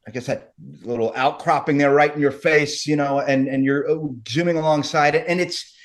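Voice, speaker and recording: Middle-aged male actor guest, enthusiastic rambler who restarts his sentences, fairly high pitch. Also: fairly even intonation, moderate pace. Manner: rambling, many restarts and fillers. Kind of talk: casual interview chat.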